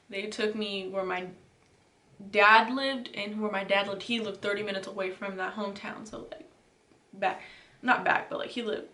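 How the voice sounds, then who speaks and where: A young woman tells a storytime in a loose, chatty way, full of filler words. Her voice sits at an ordinary pitch for a woman. The recording has a roomy echo and she sounds set back from the mic. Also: bright, forceful tone, recorded from a distance. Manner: chatty, filler-heavy retelling with lots of "like" and "you know". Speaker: vlogger. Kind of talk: casual storytime.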